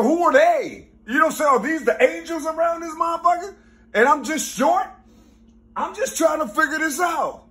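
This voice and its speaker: A man talking in a rambling, casual monologue, full of street slang and constant "you see?" checks, now and then laughing or bursting out loud. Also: extremely high pitch. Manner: street slang, repeats "you see?" and "you know what I'm saying?"; excitable, mixes laughs and sudden loud bursts.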